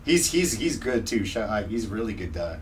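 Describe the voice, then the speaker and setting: Low-voiced, animated male interview guest. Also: normal speed, slight background noise. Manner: animated, laughing storyteller. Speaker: podcaster guest. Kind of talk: casual interview chat.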